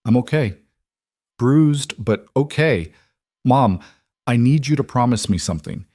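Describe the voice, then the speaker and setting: A man's voice: medium pitch, expressive, a little slow, darkish tone, no room sound, studio quality, voice pushed up. A man voicing a frightened young woman on the run. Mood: shaken.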